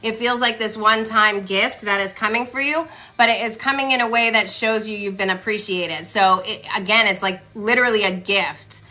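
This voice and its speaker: A woman's voice: medium pitch, normal speed, few pauses, bright, forceful tone. A woman in her forties giving chatty, reassuring tarot readings on a live stream, speaking to viewers by name. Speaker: tarot reader. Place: home, livestream. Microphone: phone.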